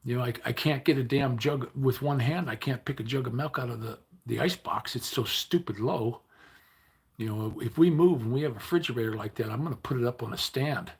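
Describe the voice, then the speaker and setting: An older man chatting casually to his livestream viewers, weary and low on energy, rambling and grumbling with many restarts. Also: a little fast. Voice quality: gravelly, raspy. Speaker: livestream host.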